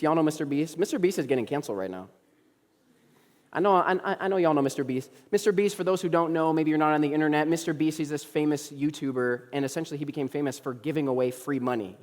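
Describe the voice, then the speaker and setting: Young male pastor preaching in a reverberant hall. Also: fairly high pitch. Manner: storytelling, acts out quoted dialogue, humorous asides. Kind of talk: sermon. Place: church sanctuary.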